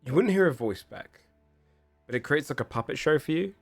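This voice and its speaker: A man's voice: fairly high pitch, lively intonation, a little fast, dry recording, soft background music. A man running a tabletop game as game master, narrating scenes in a loose, descriptive way full of "kind of" and "like".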